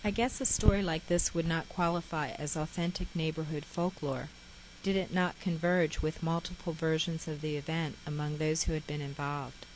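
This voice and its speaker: A woman reading her own memoir aloud in a measured, reflective way. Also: sits low, steady tone, a little hiss or hum, rough recording. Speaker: memoir author.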